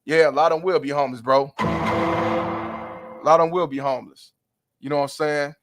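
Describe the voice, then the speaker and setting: A man's voice: fairly high pitch, fairly even intonation, moderate pace, long pauses. A man hosting a livestream, ranting bluntly and profanely in heated commentary. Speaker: livestream host.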